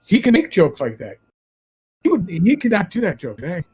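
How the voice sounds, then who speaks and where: A man, a former police officer, telling animated and profane stories in casual podcast chat. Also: high-pitched, fairly quick, slightly rough, rough recording.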